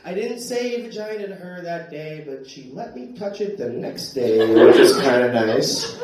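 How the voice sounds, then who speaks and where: American guy doing stand-up, kinda high voice, roomy club sound from back of the room, yells his punchlines. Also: big pitch swings, normal speed, over a noisy crowd. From United States. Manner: storytelling with frequent "right?" tags, loud shouted punchlines. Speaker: stand-up comedian. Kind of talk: live stand-up set. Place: comedy club stage. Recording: echoey club from far off. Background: audience laughter.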